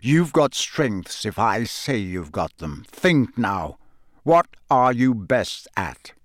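A man doing gruff growling Mad-Eye Moody. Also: fairly low pitch, big pitch swings, takes it slowly, dry recording. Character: gruff grizzled male ex-auror, suspicious and blunt.

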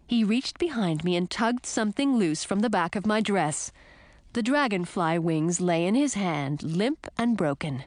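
A woman narrating a storybook in the first person with an expressive reading. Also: medium pitch, unhurried, dry recording, studio quality. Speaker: audiobook narrator.

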